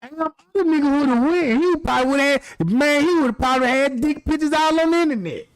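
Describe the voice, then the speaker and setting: A man with a country-sounding voice hosting a stream, ranting in a brash, profane, animated way. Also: very high-pitched, a little fast, dry recording. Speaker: livestream host. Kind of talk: casual ranting commentary.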